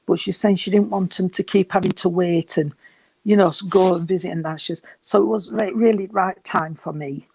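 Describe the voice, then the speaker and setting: Guy doing a medium reading, soft and reassuring, a bit out of breath, dry sound. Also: high-pitched, steady tone, normal speed, husky, no echo. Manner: gentle, reassuring, calls people sweetheart. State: short of breath. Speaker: spiritualist medium. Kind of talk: giving a reading at a service.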